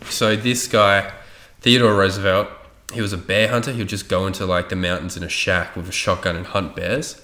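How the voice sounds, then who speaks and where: A man's voice: sits low, little pitch movement, brisk, pushed and bright, reverberant. A man telling a rambling story in casual chat, swearing freely and loose with his facts.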